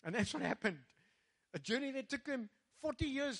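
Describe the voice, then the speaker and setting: A man's voice: extremely high pitch, expressive, a little fast, fairly bright tone. A man with a South African accent preaching a rousing sermon, calling out to the congregation and slipping into Afrikaans phrases. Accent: South African English. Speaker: pastor.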